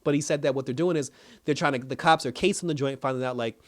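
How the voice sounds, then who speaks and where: A man giving a casual, animated recap of a TV episode, acting out the characters' lines and laughing as he goes. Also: mid-range voice, fast talker. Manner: animated storytelling, acts out characters' lines, laughs while talking. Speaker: TV episode reviewer.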